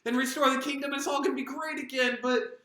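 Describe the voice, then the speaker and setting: A woman's voice: high voice, steady tone, fast talker, fairly bright tone. A woman playing a panicky, stammering disciple. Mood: anxious. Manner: anxious, stammering, many restarts. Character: frightened, rambling disciple of Jesus. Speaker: pastor. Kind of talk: dramatic devotional monologue. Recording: roomy echo.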